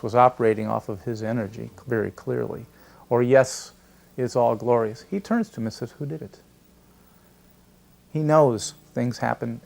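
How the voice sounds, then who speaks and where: An older man telling a personal anecdote in a lively, storytelling way. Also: medium pitch, vocal fry. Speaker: devotee recalling memories. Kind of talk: storytelling interview.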